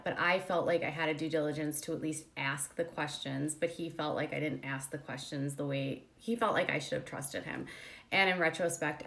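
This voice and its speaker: A woman's voice: deep voice, vocal fry, a bit bright. A young adult woman hosting a commentary channel, telling a story in casual chat, with many fillers, acting out the quoted dialogue.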